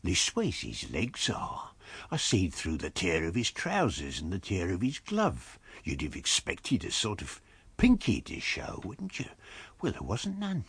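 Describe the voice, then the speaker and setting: A man doing a hushed rustic carrier. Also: low-pitched, huge pitch swings, husky, dry recording, voice pushed down, heavily acted. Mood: conspiratorial. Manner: slow, rustic dialect, hushed and confiding. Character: rustic conspiratorial male village carrier.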